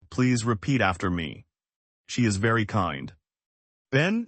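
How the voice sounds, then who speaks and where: Slow-speaking man teaching English. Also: on the low side, fairly bright tone, no room sound. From United States. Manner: slow, simple, evenly paced sentences. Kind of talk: slow scripted lesson.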